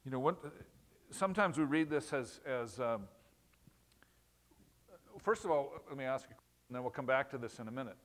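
A man's voice: medium pitch, expressive, normal speed, long pauses, fairly bright tone. A man preaching a conversational sermon on scripture. He asks his listeners questions and repeats words for emphasis. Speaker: pastor.

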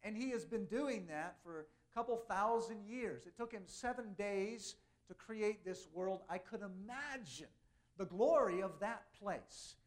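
A male pastor giving a conversational sermon, speaking plainly with many hesitations and slowing down to read scripture aloud. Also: high-pitched.

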